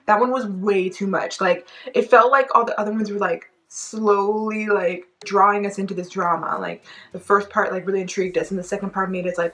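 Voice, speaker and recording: A woman doing a reaction vlog, excitable and quick to shriek, swearing freely and rambling with lots of fillers. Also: medium pitch, poor audio. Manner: rambling, filler-heavy storytelling. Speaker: YouTube reaction vlogger. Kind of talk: reaction commentary.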